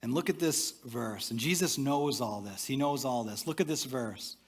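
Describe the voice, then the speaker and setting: A husky-voiced male pastor preaches to his church at a normal speed, keeping things conversational with the congregation. He sinks to a soft, low tone for his asides.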